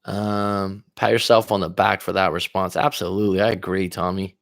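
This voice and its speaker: A man's voice: low-pitched, flat delivery, normal speed, gravelly, no echo, studio quality. A man coaching on a livestream, chatting casually and swearing freely as he reacts to viewer comments. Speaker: life coach hosting a livestream.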